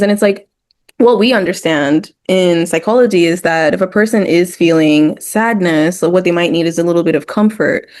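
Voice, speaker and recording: A woman's voice: fairly low pitch, normal speed, a little mellow. A woman speaking as a therapist guest in an educational discussion, explaining ideas point by point and sometimes acting out short quoted voices.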